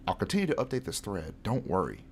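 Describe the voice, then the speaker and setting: A man's voice: lowish voice, huge pitch swings, fast, creaky, darkish tone, a little hiss or hum, heavily acted. A man voicing a male outdoorsman who camps alone in his van, reading forum posts aloud in a put-on accent. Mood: amazed.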